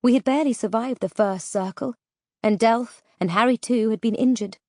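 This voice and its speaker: A woman's voice: on the high side, normal speed, darkish tone, no room sound, studio quality. Woman narrating an audiobook. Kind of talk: scripted first-person audiobook narration.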